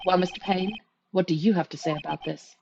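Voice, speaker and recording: A woman voicing a stern, fussy elderly male judge who speaks loudly and formally. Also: on the low side, steady tone, a little fast, gravelly, highs cut off, noisy background. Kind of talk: reading a game aloud. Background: game music.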